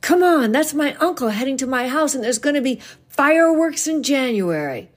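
Give me a woman voicing an excited girl, squealing high and loud. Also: normal speed. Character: excited young girl running home.

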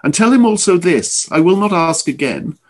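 A man's voice: high-pitched, sing-song, moderate pace, pitched above the performer's own voice. A man voicing an old male shapeshifter who speaks in a bubbling, scalding, mocking voice. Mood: menacing. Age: older. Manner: menacing, commanding.

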